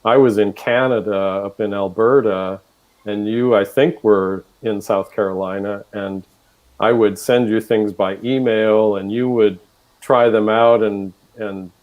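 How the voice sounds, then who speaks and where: A man, a composer, chatting on stage about writing a piece, halting and searching for words. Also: fairly low pitch, fairly even intonation, a little mellow, poor audio. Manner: hesitant, full of fillers and restarts. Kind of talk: casual onstage chat.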